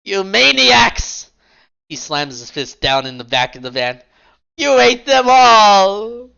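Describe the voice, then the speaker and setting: A man's voice: mid-range voice, level tone, brisk, bright, forceful tone, smooth, highs cut off, lightly acted. A man playing melodramatic wailing agent Rook. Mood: anguished. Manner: over-the-top wailing, sarcastic.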